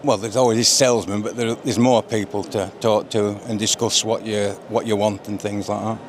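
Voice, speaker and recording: A man's voice: lowish voice, level tone, normal speed, slight background noise. A man from Yorkshire with a Yorkshire accent, a show visitor giving short, plain answers. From Yorkshire, England. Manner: plain-spoken, brief answers. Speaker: show visitor and motorhome buyer. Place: busy exhibition hall.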